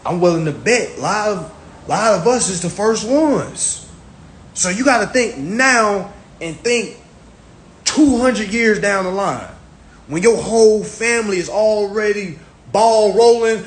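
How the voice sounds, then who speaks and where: He's a social media livestreamer with a high voice, lively intonation and an unhurried delivery. The man talks casually and emphatically, swears, and keeps repeating his phrases, all in an echoey room with a little background noise.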